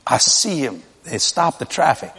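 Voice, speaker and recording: A man in his sixties preaching a humorous storytelling sermon, animated and folksy, often laughing through his stories. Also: mid-range voice, unhurried, breathy edge, in a large hall.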